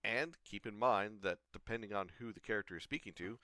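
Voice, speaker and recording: A man reading scripted narration for a video essay at a measured, steady pace. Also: on the low side, no room sound, studio quality.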